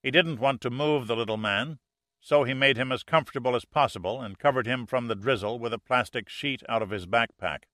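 A man narrating an action audiobook in a steady, measured storytelling manner. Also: mid-range voice, dry recording, clean studio sound. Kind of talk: scripted narration.

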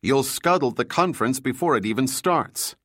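Pitching his voice above his natural register into the mid-range, a male narrator portrays a stern intelligence chief who gives firm commands and shouts if crossed. The delivery is expressive and moderately paced, recorded dry at studio quality.

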